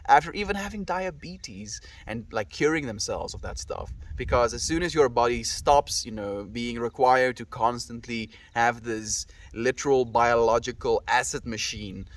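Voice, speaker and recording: Man, South African accent, livestreamer, casual and chatty, mid-pitched voice, somewhat distant mic, faint background noise. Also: moderate pace, hardly any pauses, no echo. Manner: relaxed, chatty, answers comments by name. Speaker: livestreamer reading chat. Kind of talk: casual chat with viewers.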